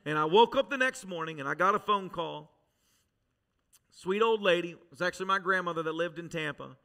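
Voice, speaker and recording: Bright, high-voiced preacher telling his testimony. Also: brisk, creaky. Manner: dramatic testimony storytelling, swinging between loud urgency and hushed intensity. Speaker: pastor. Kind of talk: sermon. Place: church service with a congregation.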